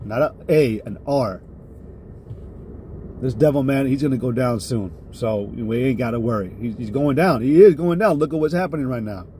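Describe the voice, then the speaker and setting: A man's voice: medium pitch, normal speed, slight background noise. A man teaching a live-streamed religious lesson in a heated, profane way. He keeps checking in with "all right?" and flares up before reining himself in. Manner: flares up loudly, then reins himself in.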